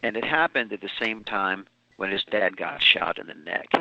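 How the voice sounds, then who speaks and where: A man's voice: lowish voice, moderate pace, vocal fry, sharp tone. A man in his seventies, an author and guest, telling long meandering anecdotes in an interview. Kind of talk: storytelling interview answer. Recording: muffled lo-fi audio.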